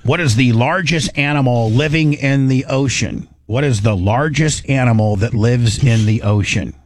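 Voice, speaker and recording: A man's voice: mid-range voice, moderate pace, no echo. A man hosting a livestream quiz, teasing and mock-exasperated with a contestant. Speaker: quiz host.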